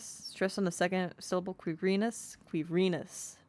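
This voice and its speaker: A woman's voice: fairly low pitch, normal speed, a little mellow. A woman streaming a game, chatting casually and reading in-game text aloud, sounding out unfamiliar words as she goes.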